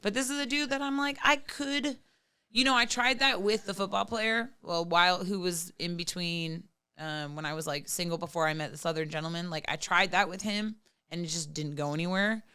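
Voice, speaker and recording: A woman's voice: fairly low pitch, steady tone, moderate pace, pushed and bright, smooth, no echo, clean studio sound. A woman in her thirties talking candidly and profanely as a podcast guest, full of "like" fillers. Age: 30s. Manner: frank, profane, many "like" fillers. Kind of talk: candid casual chat.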